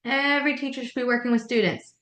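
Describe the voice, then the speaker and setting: A woman leads a childcare staff meeting, offering direct, practical classroom-management tips in a coaching tone and quoting lines to use with kids. Her voice is fairly high and a bit bright, her pace quick, and the meeting room sounds echoey.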